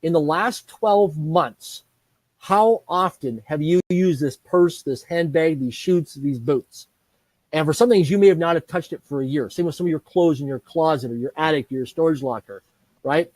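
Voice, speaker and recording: A middle-aged man speaks with an energetic, animated drive, piling up lists and acting out little dialogues. His voice sits a touch high for a man but sounds warm and mellow. The recording is close and dry. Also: moderate pace, dry recording. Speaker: guest speaker, business trainer. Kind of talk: animated interview storytelling.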